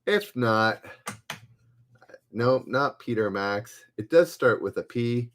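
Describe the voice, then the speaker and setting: Slow, halting man hosting live trivia. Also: mid-range voice, lively intonation. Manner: halting, hesitant, reads questions aloud twice with many fillers. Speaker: livestream trivia host. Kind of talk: casual live-stream chat.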